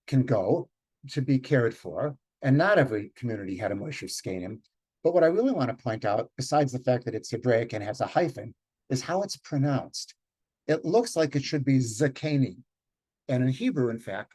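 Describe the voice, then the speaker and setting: An older man reads out lines of Yiddish and stops to unpack each word for his students. His voice is husky and a little rough, his pitch sits in a plain middle range, and he talks in a relaxed, thinking-aloud way. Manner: thinks aloud with fillers, explains words step by step; switches between English and read Yiddish lines. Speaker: Yiddish teacher leading a community read. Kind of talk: informal lecture reading and explaining a text.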